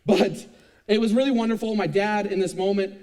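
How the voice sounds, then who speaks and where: A young man in his twenties giving a youth sermon, telling a lively, self-mocking personal story. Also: high voice, fairly quick. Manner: animated, self-mocking storytelling with frequent laughs. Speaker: youth speaker.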